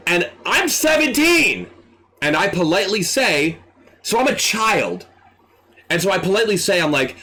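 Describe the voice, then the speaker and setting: Animated young man telling a story. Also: sits high, moderate pace. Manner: animated, excitable, swears freely, acts out quotes. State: dry throat. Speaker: streamer. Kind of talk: casual storytelling.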